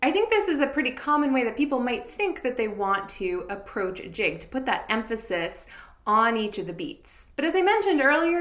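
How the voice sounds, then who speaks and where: A woman teaching fiddle, explaining in a clear and patient way and counting beats aloud. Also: a little high, fairly bright tone, roomy sound. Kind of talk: instructional tutorial.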